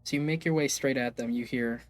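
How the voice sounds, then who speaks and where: A man running a tabletop game as the game master, narrating scenes at a middling pitch. He talks loosely and hesitantly, padding his lines with fillers and stopping to restart. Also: steady tone, brisk, no echo. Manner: hesitant, lots of fillers, casual swearing.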